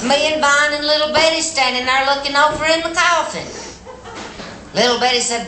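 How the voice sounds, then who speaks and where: A middle-aged woman with an Appalachian accent telling a tale live on a festival stage, folksy, animated and plainspoken. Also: high-pitched, normal speed. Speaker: storyteller. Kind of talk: live storytelling performance. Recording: echoey hall with background noise.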